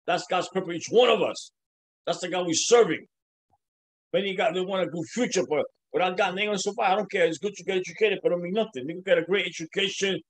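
An impassioned male preacher with a voice pitched a little above most men's. He preaches in loose, repeating bursts, stumbles over his words, and slips in casual slang. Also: rough recording. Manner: casual slang like "man" and "bro". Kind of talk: sermon.

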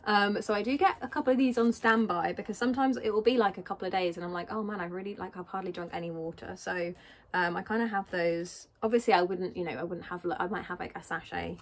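A woman's voice: mid-range voice, fast. A British woman vlogging in a casual, rambling way, thinking aloud as she packs. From Britain. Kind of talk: casual chat while packing.

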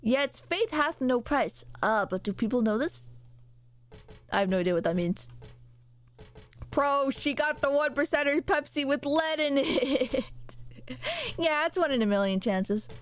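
A woman's voice: high voice, animated, measured pace, pauses often. A woman from the United States casually chatting with her viewers while playing a horror game, joking and swearing freely. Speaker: streamer. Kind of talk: casual gaming stream chat.

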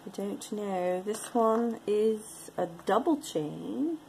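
A woman's voice: medium pitch, expressive, takes it slowly, vocal fry, warm tone, a little hiss or hum, poor audio. A woman chatting casually to viewers as she shows and sells jewelry, rambling and talking to herself between items. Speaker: online jewelry seller. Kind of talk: casual sales chat to viewers.

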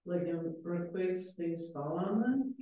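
A man's voice: high-pitched, animated, slow pace, mellow, very echoey, rough recording. A man co-hosting a casual podcast, chatting and asking curious questions.

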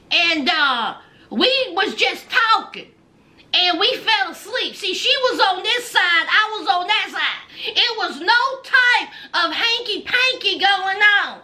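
Woman doing a smug young dude, low and slow, kinda breathy bright tone. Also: expressive, exaggerated voice. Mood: defensive. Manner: repetitive, smug, drawn-out. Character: cocky young man bragging in a deep voice.

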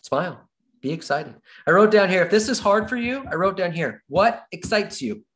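A man giving an energetic sales training talk, repeating his key points like a coach and acting out little dialogues with clients. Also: high voice, moderate pace. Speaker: real estate sales trainer.

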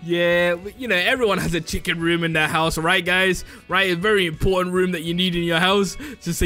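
A high-pitched young man narrates his game pranks in a giggly, mischievous way. Faint music plays underneath his voice. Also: brisk, bright, forceful tone. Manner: giggly, mischievous, laughs often. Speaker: Minecraft YouTuber. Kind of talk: casual gameplay commentary.

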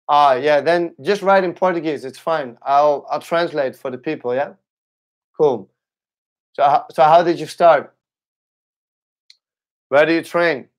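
Young guy teaching capoeira, chatting on a live stream, kinda high voice, stops and restarts a lot. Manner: halting, with many restarts and fillers. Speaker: capoeira instructor. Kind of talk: casual livestream chat.

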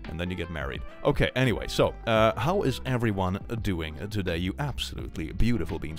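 A young man hosts a casual livestream. He reads viewer messages aloud and thanks supporters. His voice sits on the low side and swings animatedly up and down. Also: very animated, quick pace, few pauses, faint music behind. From Sweden.

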